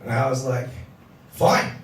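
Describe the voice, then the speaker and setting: A man performs stand-up on a club stage, his voice sitting high and pushing into shouts on the punchlines. He swears freely and keeps the energy animated. The sound is captured from a distance in an echoey room, with a packed crowd laughing throughout. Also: normal speed, a little hiss or hum. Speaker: stand-up comedian. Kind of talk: stand-up comedy set. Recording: echoey club audio from far off. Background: audience laughter.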